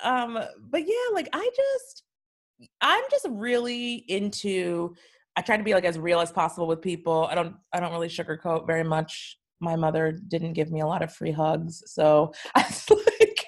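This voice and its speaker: A woman's voice: lowish voice, normal speed. A woman, chatting as a podcast guest, telling blunt stories and acting out what people said. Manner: blunt, storytelling with quoted voices. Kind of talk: casual chat.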